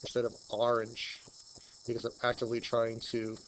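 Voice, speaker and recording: A man with a Long Island accent teaching a math lesson, chatting and thinking out loud as he works through problems. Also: mid-range voice, normal speed, slight background noise, low-quality recording. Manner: chatty, thinks aloud while working problems. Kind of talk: screen-recorded math lesson.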